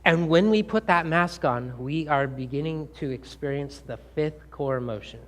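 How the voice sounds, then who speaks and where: A man's voice: a little high, normal speed. A man giving a talk to a live audience, asking them questions and acting out the scolding things people say. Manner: engaging, asks the audience questions and acts out quoted scolding. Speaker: speaker.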